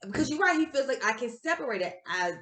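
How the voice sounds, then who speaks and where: A woman's voice: a little high, sing-song, fast talker, fairly bright tone. A woman co-hosting a podcast in casual, candid chat, swearing freely and acting out what was said. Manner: candid, swearing, acts out quoted talk. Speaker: podcast co-host. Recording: echoey room.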